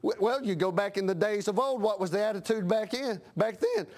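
A man's voice: sits high, a little fast, a little mellow. A middle-aged man preaching a folksy sermon, dropping frequent amens and acting out the voices of the people he talks about. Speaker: pastor.

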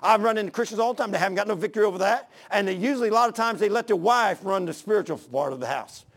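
A man's voice: high voice, lively intonation, rapid-fire, a bit bright. A man preaching a sermon in a folksy, fervent manner, mixing plain everyday talk with scripture reading.

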